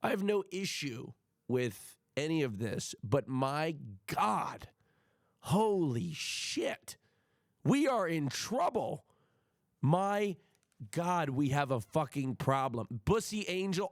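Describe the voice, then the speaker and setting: Unhurried profane male streamer. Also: a little high, no room sound, studio quality. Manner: profane, excitable, mock-outraged. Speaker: livestreamer. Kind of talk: casual livestream chat. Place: home streaming setup.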